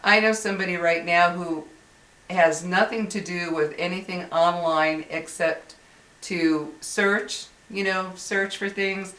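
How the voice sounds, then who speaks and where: A woman's voice: lowish voice, steady tone, slow, a bit bright. Older woman venting in an echoey room. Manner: exasperated, rambling with restarts. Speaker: YouTuber. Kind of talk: venting vlog to viewers. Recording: roomy echo, distant mic.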